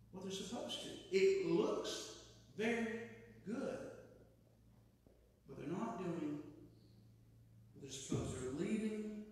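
A male preacher delivers a sermon, posing questions and answering them with earnest conviction. His voice sits high for a man. The sound comes from some way off the mic, washed in the long, ringing echo of a church sanctuary. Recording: echoey church hall, mic at a distance.

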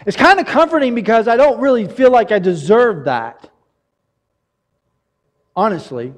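Earnest high-voiced male pastor. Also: lively intonation, moderate pace, in a large hall. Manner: earnest, confessional, rambling with many restarts. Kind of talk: sermon.

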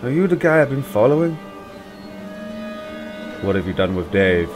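A man doing jokey, excitable let's play commentary, yelping and swearing when startled. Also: lowish voice, moderate pace, faint music behind. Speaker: gaming channel host.

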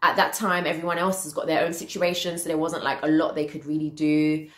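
A British woman in her twenties telling a personal story in a casual, animated way, acting out what people said. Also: low-pitched, brisk, roomy sound. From United Kingdom. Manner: animated, acts out quotes, laughs often. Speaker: vlogger.

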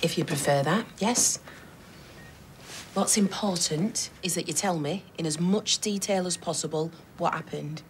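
An actress playing a formal, probing police interviewer in a TV soap drama. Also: female voice, on the low side, a little slow, a little hiss or hum.

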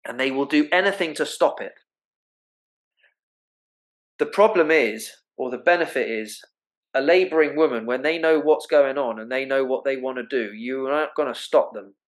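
A man's voice: mid-range voice, moderate pace, rough recording. A man, an osteopath and naturopath speaking earnestly and emphatically as an interview guest. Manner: earnest, emphatic, explains with acted-out examples. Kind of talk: interview conversation.

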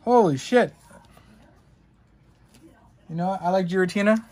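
A man's voice: high voice, a little slow, dark tone. A young man hosting a casual card unboxing stream, rambling and joking with his chat, with plenty of swearing. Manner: rambling, jokey and profane, talking to chat. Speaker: streamer unboxing trading cards.

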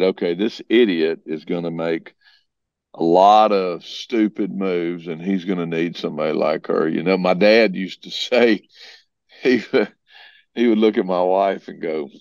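A middle-aged man, a podcast guest, telling folksy stories in a conversational way and breaking into lively voices when he quotes people. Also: low-pitched, creaky, no echo. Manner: folksy, animated when quoting others. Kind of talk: conversational storytelling. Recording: dull, slightly lo-fi sound.

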